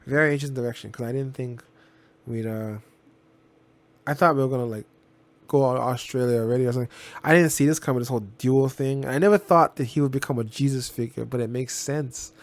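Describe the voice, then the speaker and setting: A man rambles through his thoughts on a TV episode in a casual, offhand way, often restarting and repeating himself and swearing bluntly. His voice is gravelly, and it sits dry and close to the mic. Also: medium pitch, fast talker, no echo. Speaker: reaction video host. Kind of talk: casual spoken TV reaction.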